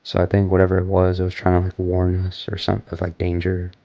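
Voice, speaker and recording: A man's voice: deep voice, monotone, fast talker, lo-fi sound. A young man casually retelling a story in a loose, rambling way, full of filler words. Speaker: vlogger recounting an experience.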